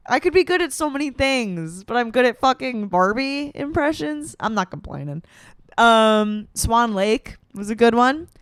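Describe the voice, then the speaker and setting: A woman's voice: fairly high pitch, big pitch swings, a little slow, clear, resonant tone, no echo. A woman in her twenties, talking in a playful, rambling, swearing comedic monologue. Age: 20s. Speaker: vlogger.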